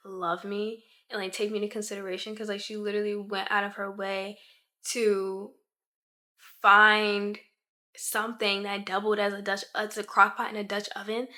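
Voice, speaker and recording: A twenty-year-old YouTuber from Maryland chats through a casual Q&A vlog, sprinkling "like" all over her talk. Her voice is mid-range with a fairly bright tone.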